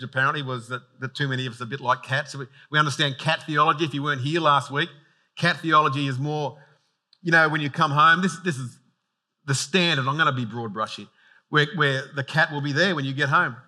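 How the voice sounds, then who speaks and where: A man preaching a sermon in a relaxed, conversational way, slipping in humorous asides. His voice is very bright and ringing, sitting slightly high for a man. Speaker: pastor.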